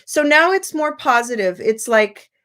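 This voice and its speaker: American woman explaining classroom feedback. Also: unhurried. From United States. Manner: patient, explanatory, lively rising pitch on example prompts. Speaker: teacher trainer. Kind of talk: online lecture.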